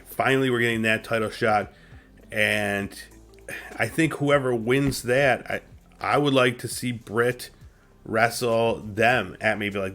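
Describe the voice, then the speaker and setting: A man's voice: on the low side, fairly bright tone. A man hosting a casual recap, chatty and opinionated, with lots of fillers. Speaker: wrestling show reviewer and host.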